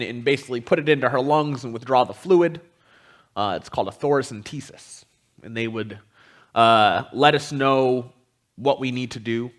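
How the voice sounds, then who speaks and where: A man's voice: medium pitch, a bit bright. A man giving a personal storytelling talk as a guest teacher, speaking candidly and conversationally, with frequent ums. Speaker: guest teacher at a spiritual community.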